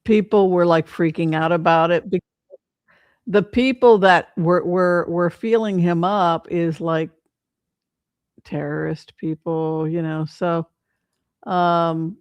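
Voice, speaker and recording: Brief: chatty tarot-reading host, meandering and halting, mid-pitched voice, dry close sound. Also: fairly even intonation, clear, resonant tone, no room sound. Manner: rambling, hesitant, many fillers and restarts. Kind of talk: casual livestream commentary with tarot reading.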